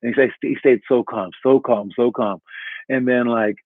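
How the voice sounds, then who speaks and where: A man's voice: mid-range voice, fairly even intonation, normal speed, no echo. A man giving a casual motivational talk as a coach, rambling and asking "all right?" again and again. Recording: tinny phone-like audio.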